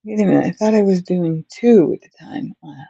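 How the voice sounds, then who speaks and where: A woman with a lowish, gravelly voice talks slowly and loosely as she crochets on a livestream, muttering to herself and apologizing to viewers. The sound is dry and dull, like lo-fi stream audio. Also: dark tone, dry recording. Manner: chatty, distracted, talking to herself while crocheting; apologetic, yawning. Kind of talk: casual crochet livestream chat.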